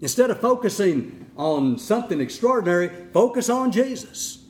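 A middle-aged man preaching a sermon in an animated way, sometimes mimicking whiny voices. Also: sits high, moderate pace, roomy sound. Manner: animated, acts out whining voices.

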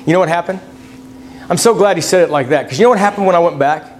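A man's voice: fast talker, a little hiss or hum. A middle-aged man preaching a folksy sermon, reading scripture aloud and telling personal stories. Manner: folksy, reads scripture aloud, pitch swings widely between points.

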